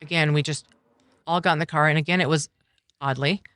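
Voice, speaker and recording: A middle-aged woman talking earnestly as a podcast guest, telling a personal story in halting, reflective sentences. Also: low-pitched, fairly even intonation, a bit bright, no echo, studio quality. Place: coffeehouse.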